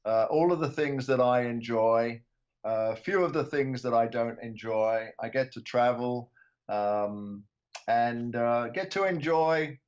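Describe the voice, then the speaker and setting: Older man from England as podcast guest, easygoing, hesitant, mid-pitched, slightly dull audio. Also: a little slow. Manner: relaxed, hesitant with many ums. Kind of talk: casual chat.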